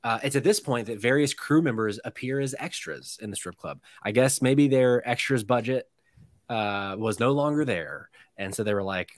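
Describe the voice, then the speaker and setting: A man's voice: mid-range voice, no echo, clean studio sound. Loose, cursing man on a podcast. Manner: loose, swears freely, halting restarts. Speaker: podcast co-host. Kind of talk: casual chat about a film.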